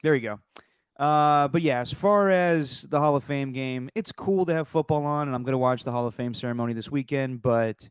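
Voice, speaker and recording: Male podcast co-host, mid pitch, loose rambling delivery, dry recording. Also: clean tone, dry recording. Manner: rambling, restarts with many you-knows. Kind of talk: casual sports chat.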